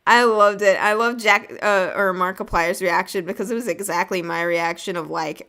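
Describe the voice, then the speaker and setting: A woman's voice: mid-range voice, moderate pace, hardly any pauses, bright, forceful tone. A young woman from the United States chatting casually while drawing on a stream, rambling and laughing often. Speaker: artist streaming a drawing session.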